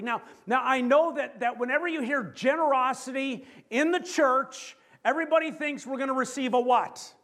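A pastor with a Canadian accent preaching a lively sermon, asking the congregation questions and slowing down to stress key phrases. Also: male voice, extremely high pitch.

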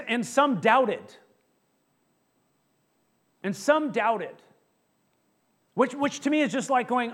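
A man preaching a sermon as pastor, conversational and animated, acting out quotes and often restarting his words. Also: high-pitched. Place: church sanctuary.

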